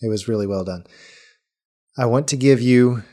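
A male game master wraps up a session and hands out points. He talks casually, in an upbeat and encouraging way, at a middle pitch. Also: normal speed, dark tone.

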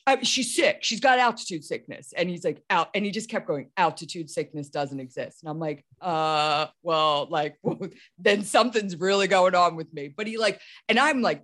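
A woman's voice: fairly low pitch, fairly bright tone. A woman in her thirties hosting a podcast, telling a story animatedly with lots of restarts and "like". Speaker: podcast host. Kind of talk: casual storytelling conversation.

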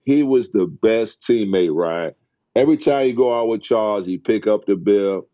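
A middle-aged former basketball player, a guest on a podcast interview, tells stories at a moderate pace and excitedly acts out quotes in a high voice. The sound is lo-fi with no room sound.

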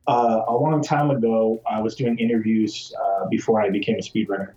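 A man's voice: lowish voice, fairly even intonation, a little fast, mellow. Casual podcast guest, man from Michigan, rambling storyteller, roomy and muffled recording. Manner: storytelling with many fillers. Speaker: speedrunner guest. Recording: echoey, dull sound with faint music.

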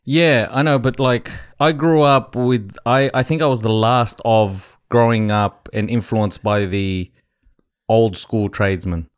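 A man with an Australian accent co-hosting a relaxed podcast chat, laughing often. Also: mid-range voice, measured pace, smooth. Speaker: podcast co-host. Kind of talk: casual chat.

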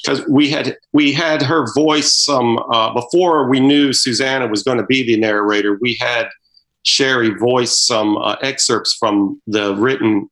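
A man documentary filmmaker answering interview questions, searching for words with many pauses. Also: medium pitch, steady tone, a bit bright, rough recording. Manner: halting, many fillers and restarts.

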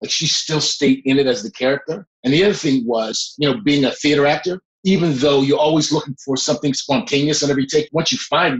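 A man's voice: medium pitch, rough recording. A middle-aged man, a guest actor, telling a vivid story in a conversational interview. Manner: reflective, animated storyteller with laughs.

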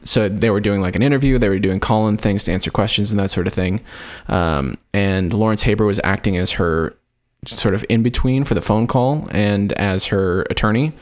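Low-voiced man telling a story casually. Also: normal speed. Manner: rambling, many fillers like "like" and "um". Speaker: podcast host telling the story. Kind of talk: casual chat.

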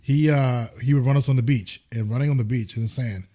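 A former Marine man telling rough boot camp stories in casual podcast chat, salty and laughing as he goes. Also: mid-range voice, quick pace, dark tone. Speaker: former Marine squad leader.

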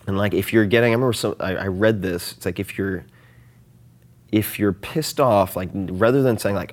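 Animated, restless man, somewhat low voice. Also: normal speed. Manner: animated, self-deprecating, frequent fillers and restarts. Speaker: podcast guest. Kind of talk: casual conversational interview.

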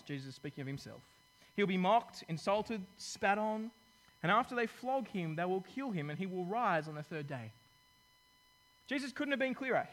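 A male pastor preaching a sermon in a lively, conversational way, dropping in corny jokes. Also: high voice, low-quality recording.

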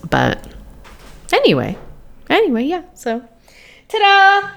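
A woman's voice: medium pitch, unhurried. A woman co-hosting a podcast over a remote call, chatting casually with lots of fillers and restarts. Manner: animated, hesitant with many fillers and restarts. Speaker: podcast co-host. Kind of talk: casual chat.

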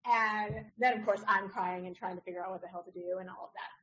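A middle-aged woman, a podcast guest, telling a personal story in a casual, animated way and acting out the other people in it. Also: mid-range voice, fast talker. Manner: animated, acts out others' voices in her story. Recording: dull lo-fi audio.

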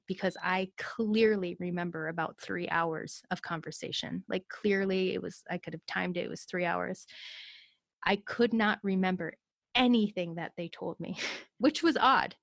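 A woman's voice: fairly low pitch, normal speed, creaky, dry recording. A woman telling a personal story as an interview guest, recounting it earnestly and in close detail.

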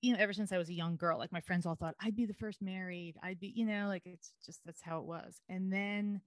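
A woman's voice: fairly low pitch, steady tone, a little fast, dry recording. A woman from New York, a podcast guest, telling stories in a chatty, frank way and swearing casually. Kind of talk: casual interview chat.

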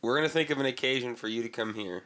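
A man's voice: medium pitch, rapid-fire, fairly bright tone. A man co-hosting a podcast in casual chat, joking, swearing and laughing through his words.

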